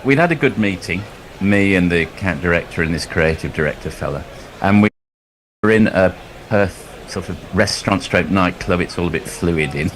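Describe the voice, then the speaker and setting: A man's voice: deep voice, a bit bright, slight background noise. A man commentating on cricket ball by ball, drifting into a long, chuckling anecdote between deliveries. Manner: rambling storyteller, chuckles often.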